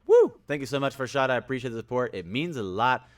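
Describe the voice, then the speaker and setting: A young man hosting a casual livestream, rambling and energetic, greeting viewers by name and sometimes yelling. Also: medium pitch, fast talker. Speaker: livestream host.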